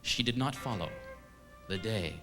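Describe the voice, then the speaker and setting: A man from eastern Canada telling a comic story on stage, with a wry, deadpan, self-mocking delivery. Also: fairly low pitch, measured pace, music in the background. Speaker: comedian storyteller. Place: stage at a live show.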